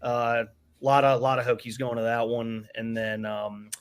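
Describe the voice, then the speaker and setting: A man guesting on a sports podcast in casual chat. He delivers his picks with a wry, sarcastic edge. His pitch sits in the ordinary middle range. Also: monotone, a little slow, clean tone. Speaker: guest content creator.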